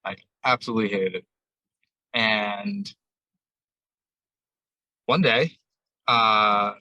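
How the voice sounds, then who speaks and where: A man's voice: medium pitch, sharp tone, dry recording, low-quality recording. A man who owns a ramen shop, a guest on a podcast, telling a long story in a casual, rambling way and retelling conversations line by line. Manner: rambling, retells dialogue with many "I'm like".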